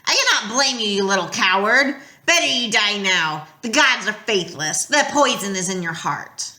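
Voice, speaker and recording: A woman voicing a cruel, cackling old female snake monster with a hissing, raspy voice and mocking, drawn-out taunts. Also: mid-range voice, lively intonation, bright, forceful tone, echoey room. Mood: scornful.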